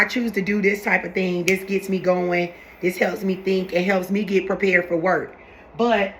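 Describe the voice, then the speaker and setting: A young woman with a bright, sharp voice talks straight to her viewers in an animated, preachy way. She circles back and repeats her points as she goes. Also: mid-range voice, slight background noise. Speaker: vlogger talking to her viewers. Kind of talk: casual live chat to camera.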